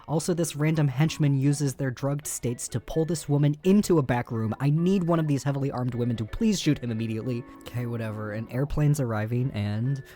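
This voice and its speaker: A woman's voice: extremely low pitch, a little fast, few pauses, mellow. A woman talks through a bad movie with dry sarcasm and exasperation. Faint music plays under her commentary. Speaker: movie reviewer.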